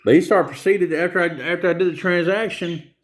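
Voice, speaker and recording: A man's voice: high-pitched, brisk. Guy venting on his vlog, rambles on, keeps repeating himself, lots of uh's. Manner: rambling and repetitive, many hesitations. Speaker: vlogger reviewing stores. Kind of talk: casual rant retelling a store visit.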